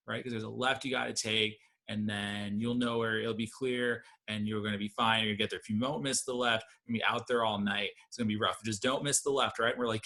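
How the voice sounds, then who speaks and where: Gravelly-voiced man doing stand-up. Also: lowish voice, fast, few pauses. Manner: rambling, deadpan asides that climb into loud shouty rants. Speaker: stand-up comedian. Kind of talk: stand-up comedy set.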